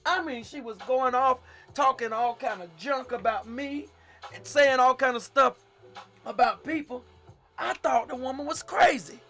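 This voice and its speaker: A male pastor, telling a story in a sermon, animated and swinging between loud and hushed. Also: very high voice, a little slow, soft background music.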